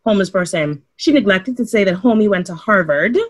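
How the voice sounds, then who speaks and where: A woman's voice: medium pitch, lively intonation, fairly quick, rough recording. A woman co-hosting a podcast who makes her points emphatically in casual discussion. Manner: emphatic, opinionated. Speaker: podcast co-host.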